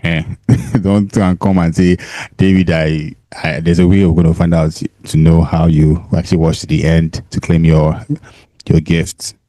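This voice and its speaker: A Nigerian man with a low, mellow voice talks straight to the viewer, laughing easily and repeating himself to drive points home. He speaks into a handheld mic, and the sound is close and dry. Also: level tone, normal speed, dry recording. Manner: chatty, laughs often, repeats himself for emphasis. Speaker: host. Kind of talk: casual pitch to camera.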